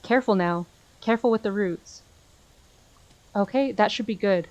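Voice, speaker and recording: A woman's voice: medium pitch, moderate pace, a little mellow, dull audio. A woman streamer reading a visual novel aloud in an earnest, emotional way, breaking off to gush at the screen.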